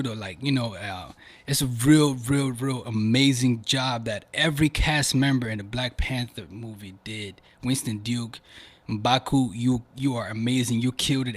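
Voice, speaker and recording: A young man from Africa hosting a podcast, chatting casually to viewers in animated slang. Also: mid-range voice. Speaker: podcast host. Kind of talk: casual video commentary.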